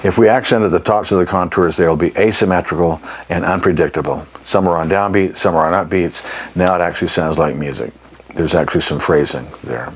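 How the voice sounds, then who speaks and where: A man teaching saxophone articulation, explaining in an unhurried way, often clearing his throat and pausing with ums. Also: low voice, slight background noise. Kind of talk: instructional lesson.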